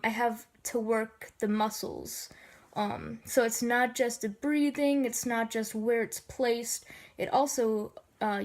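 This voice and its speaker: Sniffly woman with a light gravel in her lower register, hesitant, um-filled casual tutor, voice sits a bit high. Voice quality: slightly gravelly low register. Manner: hesitant, many filler ums. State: sniffly from allergies.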